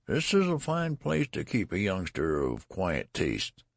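A man's voice: low-pitched, wildly swooping pitch, unhurried, gravelly, no room sound, clean studio sound, pitched above the performer's own voice, full character voice. A man voicing a frail, querulous old man with a cracked, ancient voice that whines and complains. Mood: shrill protest.

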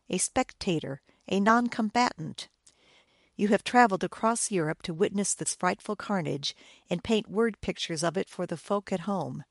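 A woman reading a first-person war story aloud, in a measured, grave storytelling manner. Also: mid-range voice, gravelly, no room sound, clean studio sound. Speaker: audiobook narrator.

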